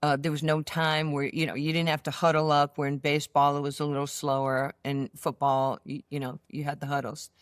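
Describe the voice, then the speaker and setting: A woman, a guest telling lively stories from her childhood in a casual chat, full of fillers and restarts. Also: low voice, brisk, hardly any pauses, smooth, no echo, studio quality. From New York. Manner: animated storyteller with many fillers and restarts. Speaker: interview guest.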